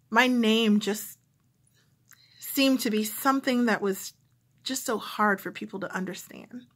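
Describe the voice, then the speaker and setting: A woman with a General American accent talks to her viewers in a casual, reflective vlog. She pauses often with ums as she gathers her thoughts, her voice sitting at an everyday middle pitch. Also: a bit bright. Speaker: vlogger. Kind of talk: casual talk to camera.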